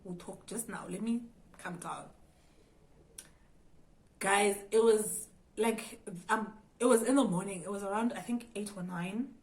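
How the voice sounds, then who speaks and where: A woman's voice: medium pitch, unhurried, a little mellow, low-quality recording. A young South African woman with a South African accent, telling her viewers a storytime vlog about being cheated on, acting out her own thoughts and speaking straight to the audience. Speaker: YouTuber.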